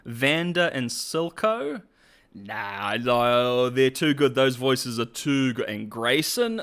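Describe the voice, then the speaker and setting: A man with a Cockney accent giving casual, rambling commentary as a host, full of restarts and quick laughs. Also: mid-range voice, expressive, fairly bright tone. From England.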